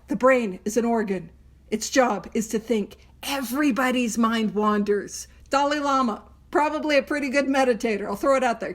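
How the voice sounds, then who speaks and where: A woman hosting a recovery book study, talking in an earnest, emphatic, self-deprecating way. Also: high-pitched. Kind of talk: casual teaching talk.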